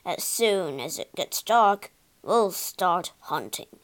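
A woman's voice: lowish voice, animated, takes it slowly, pitched below the performer's own voice. A woman putting on a stern ghostly hotel manager.

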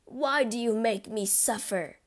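A woman's voice: a little high, unhurried. A woman doing a greedy, desperate captive. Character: greedy, frightened captive man.

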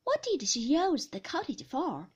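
A woman's voice: sits high, wildly swooping pitch, a little slow, a little mellow, pitched above the performer's own voice, heavily acted. A woman reading the part of a shy young woman who asks eager, nervously curious questions in a storybook reading.

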